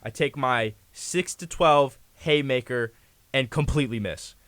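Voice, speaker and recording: A man's voice: medium pitch, unhurried, a bit bright, no room sound. A young man, a guest on a talk show, casually telling a long story, full of fillers, restarts and "you know".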